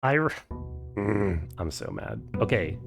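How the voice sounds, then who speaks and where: A man's voice: deep voice, huge pitch swings, measured pace, vocal fry, music in the background. A man streaming a game for the first time, thinking aloud, swearing freely and chatting with his viewers. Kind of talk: casual live-stream commentary.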